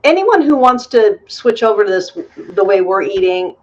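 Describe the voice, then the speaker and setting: A woman's voice: medium pitch, expressive, normal speed, muffled recording. A middle-aged woman hosting a casual conversation, chatty and enthusiastic, laughing easily. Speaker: host.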